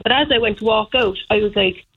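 An Irish woman in her thirties rings in to a radio show over a tinny phone line. Her voice is medium-pitched, brisk and gravelly with a breathy edge, and she tells her story in a rambling, indignant way, full of fillers.

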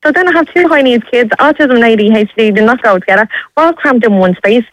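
A woman's voice: on the high side, expressive, no room sound, low-quality recording. A woman and mother of three calling in to a radio show, talking emotionally in run-on phrases. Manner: emotional, talks in rushed run-on phrases with many "like"s. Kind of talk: phone-in interview.

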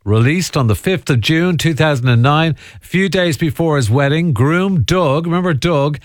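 A man's voice: fairly high pitch, moderate pace, no room sound, clean studio sound. A man hosting a chatty radio entertainment segment, laughing at his own asides. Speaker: radio host.

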